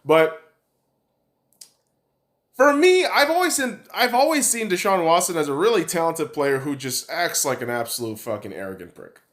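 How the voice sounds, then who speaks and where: A man's voice: fairly high pitch, sing-song, normal speed, a bit bright. A man hosting a podcast, giving a casual sports opinion rant in a blunt, profane and rambling way. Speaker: podcast host.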